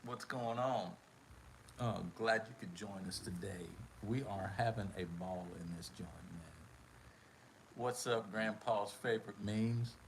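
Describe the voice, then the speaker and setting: A man chats slowly and loosely on a home livestream, tagging "man" onto his phrases and breaking into laughter. There's a faint hum of room noise behind him. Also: on the low side, low-quality recording. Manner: laughs often, drawls "man" at line ends. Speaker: livestream host. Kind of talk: casual livestream chat.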